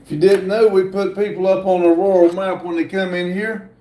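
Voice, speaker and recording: A man hosting a live stream, chatting casually with halting speech and many filler words. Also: sits high, little pitch movement, mellow, roomy sound. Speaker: livestream host. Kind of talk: casual live chat, reading comments aloud.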